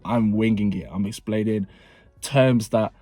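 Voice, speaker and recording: A young man telling a personal story in a casual vlog, animated and prone to repeating phrases for effect. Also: lowish voice, unhurried, no room sound, soft background music. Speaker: vlogger.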